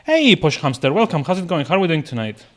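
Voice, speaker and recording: A man's voice: a little high, very animated, quick pace, voice pushed up. A man doing a put-on posh voice to greet a viewer. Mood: jovial. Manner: exaggerated posh drawl. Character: posh greeter, a man with upper-class airs.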